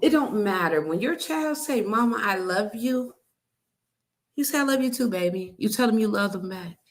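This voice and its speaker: A woman's voice: medium pitch, animated, normal speed. A woman giving reaction commentary, outraged and emphatic, cussing.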